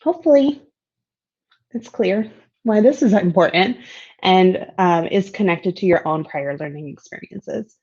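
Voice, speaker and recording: A woman's voice: mid-range voice, unhurried, a little mellow. A woman giving a recorded slide presentation on design principles. She talks in an upbeat, conversational way and stresses key words. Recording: dull, lo-fi.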